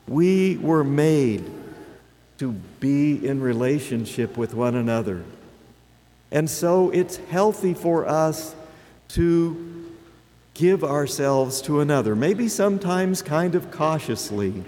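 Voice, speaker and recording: A man in his seventies preaches a sermon in a slightly high voice, taking his time and asking rhetorical questions. His words carry the long reverb of a church, and faint noise hums beneath them. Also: lively intonation, a little mellow. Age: 70s. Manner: slow, deliberate, with rhetorical questions.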